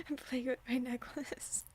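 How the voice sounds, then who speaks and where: A woman's voice: sits high, a little hiss or hum. A woman streamer chatting casually, flustered, stammering and apologizing between laughs. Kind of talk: casual live-stream chat.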